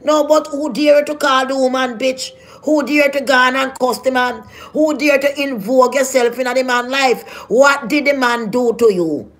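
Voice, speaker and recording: Woman, Jamaican accent, confrontational scolding vlog rant, fairly high voice. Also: normal speed, few pauses. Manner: scolding, confrontational, rhetorical questions. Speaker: vlogger. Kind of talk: ranting vlog.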